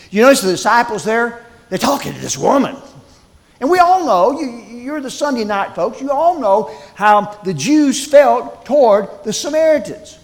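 High-voiced preacher. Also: male voice. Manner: emphatic, dramatic shifts between loud and hushed. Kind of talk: sermon.

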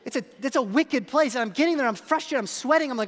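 A man's voice: extremely high pitch, fast talker. A man in his thirties, a pastor preaching a sermon and telling self-deprecating stories about his young children. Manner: self-deprecating storytelling, lively voice changes. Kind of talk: sermon with humorous family stories. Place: church hall. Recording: long reverb of a large hall.

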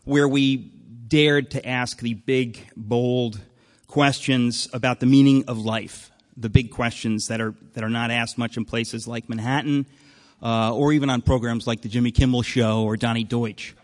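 A man's voice: medium pitch, a little slow. Joking male host in a reverberant hall. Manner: joking, deadpan, rambling with fillers. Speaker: event host. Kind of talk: comic live introduction. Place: event hall with an audience.

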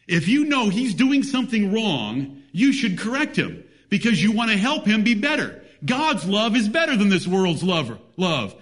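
A man with a fairly high voice preaches a sermon. He speaks emphatically and reads scripture in old-fashioned biblical wording. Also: very animated, moderate pace, few pauses, a bit bright.

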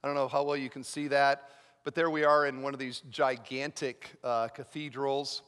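A man's voice: mid-range voice, little pitch movement, normal speed, fairly bright tone, smooth. A man preaching a sermon as pastor, moving from chatty storytelling to fervent, earnest preaching. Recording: long reverb of a large hall.

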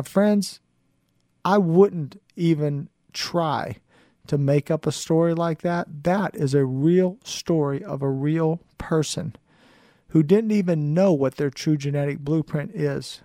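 A man hosting a motivational talk show, telling stories with animated quoted dialogue and frequent laughter. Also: on the high side, no echo, clean studio sound. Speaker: show host.

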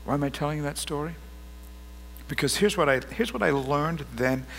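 A man's voice: fairly high pitch, moderate pace, gravelly, a bit bright, a little hiss or hum. A middle-aged man preaching a sermon as pastor, earnest and rising to emphatic bursts.

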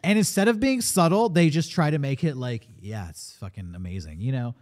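A man with a mellow, dark-toned voice hosts a casual movie review chat. He rambles through the plot, laughing and swearing as he goes. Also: medium pitch, expressive, fairly quick. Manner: rambling, laughs and curses while retelling the plot. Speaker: podcast host.

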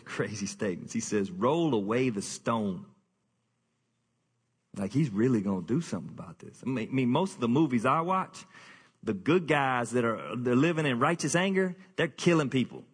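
Husky preaching man in a reverberant hall. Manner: animated, jokey preaching with sudden high-pitched bursts. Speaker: pastor. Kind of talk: sermon.

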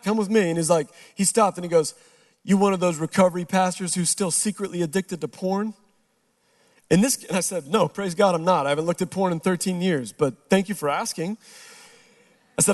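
Pastor telling a story in a sermon. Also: male voice, high-pitched. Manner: storytelling, acts out the dialogue, drops quiet and slow for serious parts.

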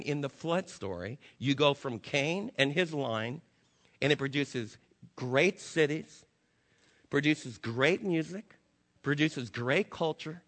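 Impassioned preacher in a reverberant hall. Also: male voice, a little high. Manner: impassioned, swings between loud urging and hushed, slow emphasis. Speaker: pastor. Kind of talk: sermon. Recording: long reverb of a large hall.

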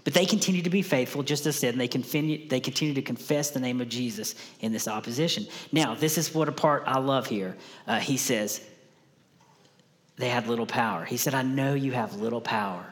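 A man's voice: mid-range voice, brisk, long reverb tail. A man preaching a conversational sermon to a congregation, often repeating key lines for emphasis. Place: church sanctuary.

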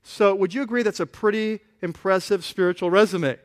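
A pastor giving a conversational sermon, often asking the congregation questions. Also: male voice, sits high, steady tone, brisk. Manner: casual, asks the congregation questions.

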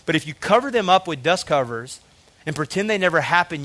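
A man's voice: high-pitched, expressive, fast talker, fairly bright tone. A man in his thirties preaching a sermon, telling a personal story earnestly and emotionally, often saying "man". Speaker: pastor.

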